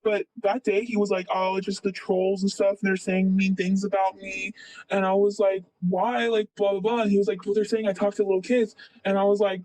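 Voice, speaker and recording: High-voiced young guy, rambling storyteller. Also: fairly even intonation, brisk, a little mellow, no echo, poor audio. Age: late teens. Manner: rambling, heavy on "like" and "blah blah". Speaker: interviewee. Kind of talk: casual retelling.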